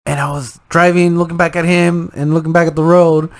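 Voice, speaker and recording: A young man co-hosting a podcast, telling swear-filled stories in casual, animated chat. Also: a little high, a little fast, no echo. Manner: profane, animated storyteller. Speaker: podcast co-host.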